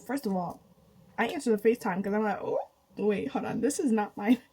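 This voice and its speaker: A young woman vlogger tells a storytime to her channel in a brisk, animated, chatty way, with background noise present. She laughs often, and her pitch leaps up when she's in disbelief.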